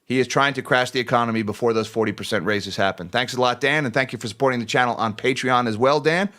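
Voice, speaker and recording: A man's voice: mid-range voice, fast, pushed and bright. Chatty male finance livestream host. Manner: chatty, joking, laughs often; thanks viewers by name. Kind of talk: casual livestream market commentary.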